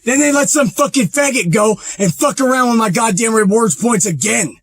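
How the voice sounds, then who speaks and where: A man's voice: extremely high pitch, moderate pace, no echo. A man driving a truck, talking casually to the camera and ranting angrily with constant swearing. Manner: angry, profane ranting. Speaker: truck driver. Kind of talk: casual vlog rant while driving. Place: truck cab on the road.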